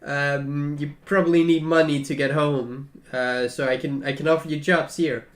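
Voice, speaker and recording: A man playing an earnest camp leader and one-time scout in a tabletop role-play game, rambling through his offer with many fillers, a bit high for a man. The room around him is echoey. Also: steady tone, normal speed, close to an everyday voice. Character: male encampment leader, former scout.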